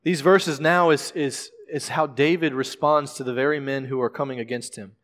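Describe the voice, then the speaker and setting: A male pastor preaching a sermon in a measured way, often repeating words as he explains scripture. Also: mid-range voice, fairly even intonation, a bit bright. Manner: measured preaching with frequent word repetitions. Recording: long reverb of a large hall.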